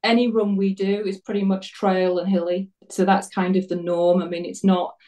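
A woman's voice: mid-range voice, level tone, moderate pace, dark tone, distant mic, rough recording. A woman in her fifties, a guest telling her story in a casual interview, chatty and self-deprecating, often laughing at herself.

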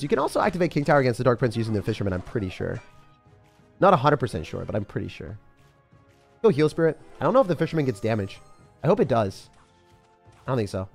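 A young man giving live commentary as he plays a mobile game, thinking aloud and breaking into sudden excited yelps. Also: mid-range voice, creaky. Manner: excitable, talks to himself while playing, sudden yelps. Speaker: game streamer.

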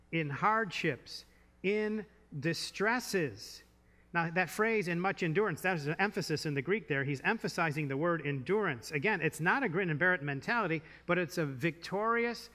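A pastor with a fairly high, pushed, bright voice preaches a sermon in a church sanctuary. His delivery is conversational and full of rhetorical questions, and the hall adds long reverb.

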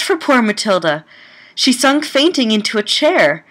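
Woman reading a Gothic novel, lively pitch. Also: a little slow. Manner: dramatic reading broken by wry, casual comments. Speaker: audiobook reader and podcast host.

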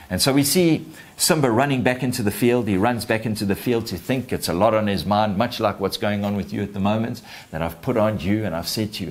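A man preaching a sermon as a pastor, retelling a film scene and swinging between quiet, slow lines and high, forceful exhortation. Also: expressive.

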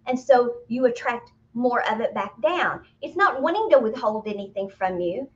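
A woman with a fairly high voice talks through spiritual teachings at a moderate pace, relaxed and conversational, as a spiritual medium co-host. She breaks into playful, excited exclamations while explaining, and the audio sounds a bit muffled and lo-fi.

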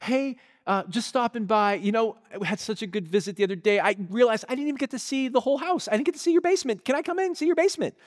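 A male preacher voicing a nervous, overly chirpy young woman, in a rushed, breathy falsetto, recorded with a long hall reverb.

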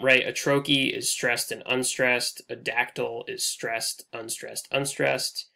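Gravelly, bright-voiced man lecturing. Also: medium pitch. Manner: casual, filler-heavy, trailing off at phrase ends. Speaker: English instructor. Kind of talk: recorded lecture over slides.

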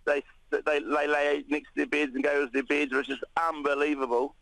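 A New Zealand man, a radio interview guest, recounting an ordeal in a halting way with many restarts. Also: on the high side, creaky, no echo, poor audio. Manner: halting, many restarts, animated when retelling shouts.

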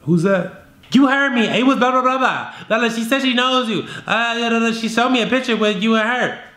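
A suspicious young girlfriend, acted out by a man, pressing her boyfriend for answers in a high, pushed-up voice. She sounds accusing and confrontational. The sound is roomy and echoey. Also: brisk, pushed and bright. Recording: roomy echo.

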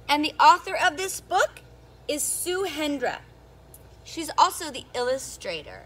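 Animated, sing-song woman reading to kids. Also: sits high, slow pace, long pauses. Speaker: children's storyteller. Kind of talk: reading a picture book aloud to young children.

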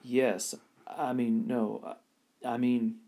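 A man reading aloud voices a shy, hesitant shop clerk who stammers and speaks slowly. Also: mid-range voice, flat delivery, gravelly. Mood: flustered. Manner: hesitant, stammering, slow and quiet.

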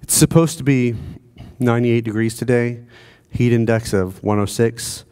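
A pastor preaching a sermon in a conversational way, asking the congregation rhetorical questions. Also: male voice, mid-range voice, steady tone, moderate pace, mellow, clear, resonant tone. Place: church.

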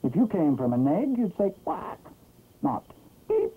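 A man's voice: sits high, huge pitch swings, a little slow, breathy edge, pitched above the performer's own voice, heavily acted. A man voicing a proud, cross male duck in a 1960s cartoon, talking in a bossy, huffy way. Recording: muffled, hissy 1960s film soundtrack.

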